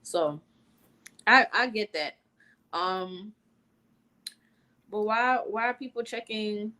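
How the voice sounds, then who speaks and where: Bright-voiced blunt woman co-host. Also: medium pitch, takes it slowly. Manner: blunt, rambling, lots of filler words. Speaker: podcast co-host. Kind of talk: casual chat.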